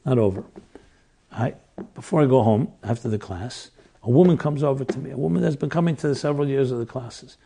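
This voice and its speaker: A man's voice: medium pitch, brisk, vocal fry, mellow, breathy edge. A rabbi in his sixties telling a personal story in an earnest, reflective way, often restarting his sentences. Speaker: rabbi teaching classes. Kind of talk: storytelling lecture.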